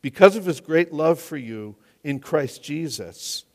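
A man preaching a sermon as pastor, earnest and questioning, often dropping to quiet emphasis. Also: a little high, lively intonation, unhurried. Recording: echoey hall reverb.

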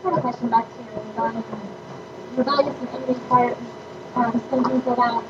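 A woman's voice: a little high, steady tone, brisk. A woman in a class audience asking a question hesitantly. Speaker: class participant. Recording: distant muffled mic with noise.

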